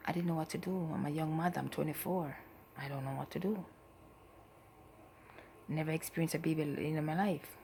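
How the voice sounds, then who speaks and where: A woman giving a personal testimony as a mother, in a soft, halting, emotional way that often trails off. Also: deep voice, vocal fry, a little hiss or hum. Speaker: mother telling her story.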